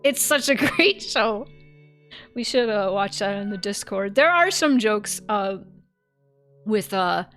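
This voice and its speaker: A woman livestreaming a game and chatting casually, animated, laughing often and swearing freely. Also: mid-range voice, slow, soft background music. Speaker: streamer.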